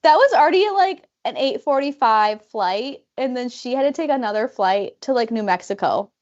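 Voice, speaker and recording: Woman, podcast co-host, casual storytelling, lots of "like", fairly high voice, dull lo-fi recording. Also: normal speed. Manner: animated, many "like" fillers, acts out quoted people.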